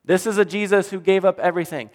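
A male pastor preaching a sermon in an animated storytelling way, often dropping to quiet for emphasis. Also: high-pitched, fast. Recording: long hall reverb.

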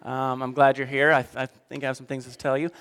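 A man preaching a conversational sermon, talking straight to God and reading scripture aloud with big swings between loud and soft. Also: medium pitch, little pitch movement, a little fast, long reverb tail. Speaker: pastor.

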